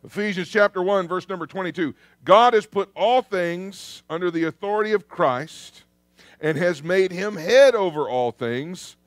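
A man preaching a sermon in a church, lively and conversational, calling out to the congregation. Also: sits high, moderate pace, no room sound, studio quality. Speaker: pastor. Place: church sanctuary.

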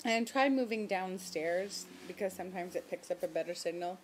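A young woman chatting casually to her camera at home, rambling and self-mocking, talking loudly with headphones on. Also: fairly low pitch, moderate pace, a little hiss or hum. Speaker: vlogger. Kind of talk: casual chat. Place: home, indoors.

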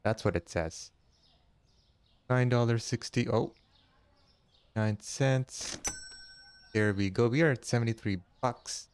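A man hosting a casual let's-play, chatty and jokey, thinking aloud and counting money out loud as he goes. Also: medium pitch, slow, long pauses, slight background noise. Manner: jokey, easily startled. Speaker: gaming channel host.

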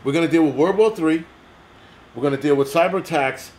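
A man's voice: on the high side, fairly quick, a little mellow. An American man hosting a livestream, ranting angrily in a blunt, profane, heated way. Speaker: livestream host.

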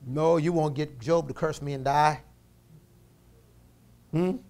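A man preaching a sermon, calling out to his congregation for responses and swinging from fervent shouting to low, intimate talk. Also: steady tone, slow pace.

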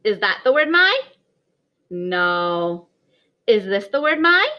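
A woman's voice: medium pitch, sing-song, slow. A woman teaching a kindergarten writing lesson in a sing-song, encouraging voice for small children. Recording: slightly dull lo-fi audio.

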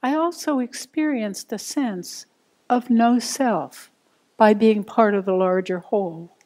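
A woman meditation teacher, giving a gentle, unhurried dharma talk to a group. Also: mid-range voice.

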